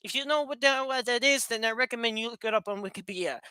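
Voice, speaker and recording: Woman vlogger, goofy rambling home chat to webcam, bright, dry sound. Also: fairly high pitch, quick pace, smooth, no echo. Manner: playful, rambling, laughs often, jokes sarcastically. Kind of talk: casual chat to camera. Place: room at home with a fast fan running.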